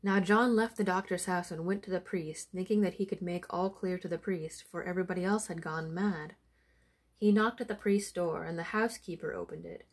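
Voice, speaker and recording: A woman telling an old folk tale aloud in a somewhat low voice. She reads at an even storytelling pace, acting out the speakers as she goes. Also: a little fast. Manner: steady storytelling delivery.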